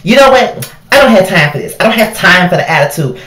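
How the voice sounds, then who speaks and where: A man doing a huffy, high-pitched woman customer. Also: expressive, a little fast, sharp tone, roomy sound. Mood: indignant. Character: snippy adult woman customer.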